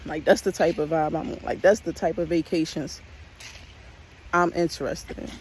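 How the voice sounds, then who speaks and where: Man, high voice, casual walking vlog, rambling, slightly winded, outdoors, phone mic, faint background noise. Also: normal speed, poor audio. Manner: relaxed, rambling, repeats "like" often. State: a little out of breath on hills. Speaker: vlogger. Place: outdoors in a park on a hiking trail.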